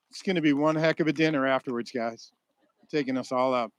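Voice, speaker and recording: A man giving an energetic graduation speech at a school ceremony, rallying and joking with the graduates. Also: mid-range voice, brisk.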